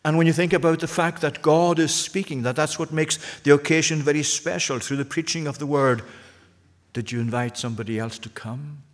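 A man's voice: a little high, steady tone, fairly quick. Man preaching in a reverberant church. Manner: earnest, asks the congregation repeated questions. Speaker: pastor. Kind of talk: sermon.

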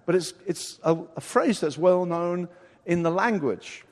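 A man's voice: high-pitched, measured pace. A man preaching a sermon as pastor, explaining a Bible passage with rhetorical questions and an expository manner. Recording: long hall reverb.

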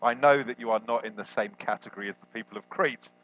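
Man, guest preacher, sermon, jokey, animated, mid pitch, dull lo-fi sound. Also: fast. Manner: animated, jokey, rising sharply in pitch when quoting. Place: church hall.

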